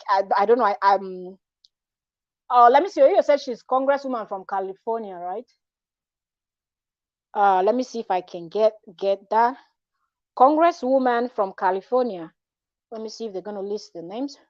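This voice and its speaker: A woman's voice: a little high, a little mellow, no echo, lo-fi sound. Talkative woman, rambling commentary. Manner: rambling, frank and talkative, with restarts and trailing asides. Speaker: vlogger. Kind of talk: casual commentary vlog.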